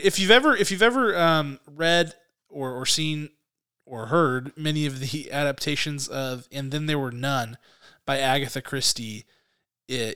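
A man co-hosting a casual film review podcast, relaxed and chatty with frequent restarts. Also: a little high, smooth, no room sound.

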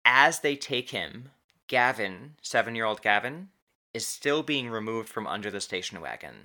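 A man hosting a podcast, recounting a true story in casual talk, pausing and stretching words for emphasis. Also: fairly low pitch, lively intonation, bright, forceful tone. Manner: halting, restarts and stretched emphasis on key words.

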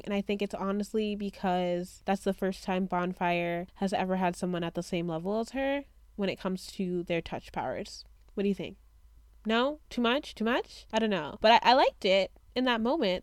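A woman's voice: medium pitch, dry recording, studio quality. Gushing young woman recapping a show. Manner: gushing, animated, thinks aloud with rhetorical questions. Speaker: TV recap host. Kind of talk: excited casual recap.

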